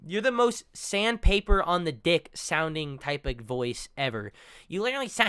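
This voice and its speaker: Scornful, animated, bright-voiced reaction streamer. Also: male voice, a little high, clean tone. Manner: mocking, scornful, quick to laugh. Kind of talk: profane reaction commentary.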